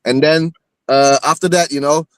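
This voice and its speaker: A man with a fairly high voice weighing up upcoming matches, constantly tagging his points with right?. His sound is dry and close, with no room around it. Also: steady tone, normal speed, a bit bright, smooth, dry recording. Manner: ends almost every phrase with a questioning "right?". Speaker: football fan panelist.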